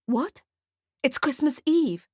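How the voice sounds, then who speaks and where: A woman's voice: high voice, expressive, slow, warm tone, no room sound, studio quality, pitched above the performer's own voice. A woman voicing a scruffy, foul-mouthed male Santa who blurts mangled curses in an audiobook. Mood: protesting.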